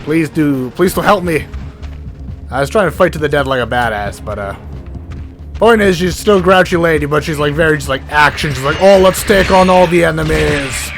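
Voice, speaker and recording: Excitable rambling male game commentator. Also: on the high side, moderate pace. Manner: rambling, excitable, self-interrupting, casual swearing. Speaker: let's play host. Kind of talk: gameplay commentary. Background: game music and sound effects.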